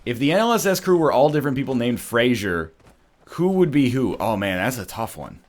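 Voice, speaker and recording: Canadian guy, playful gaming commentary, lively pitch swings. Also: fairly quick, slight background noise. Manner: rambling, jokey, sarcastic. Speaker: let's play streamer.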